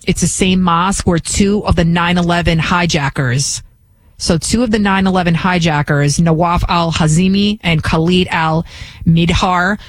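A woman's voice: lowish voice, no echo. A woman host giving opinionated political commentary, firing rhetorical questions with frequent restarts.

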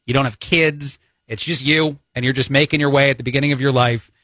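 A man's voice: medium pitch, steady tone, a little fast, pushed and bright, dry recording. A man with a New Jersey accent filling in as a talk radio host, giving opinionated, chatty commentary with many fillers into a studio mic.

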